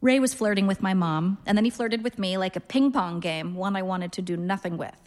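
A woman in her thirties reading a literary story aloud in a dry, deadpan first-person voice. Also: medium pitch, brisk, long reverb tail. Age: 30s. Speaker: narrator, reader.

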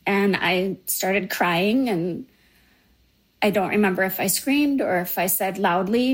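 Slow, breathy woman telling her story. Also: medium pitch, rough recording. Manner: slow, halting, emotional recollection. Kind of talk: personal storytelling.

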